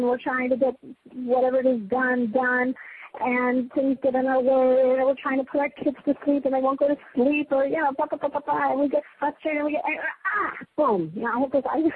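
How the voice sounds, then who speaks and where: Woman teacher, chatty and animated Torah lesson, somewhat high voice, tinny phone recording. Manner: animated, chatty, self-deprecating asides. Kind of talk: casual Torah class. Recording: tinny phone-line sound with faint noise.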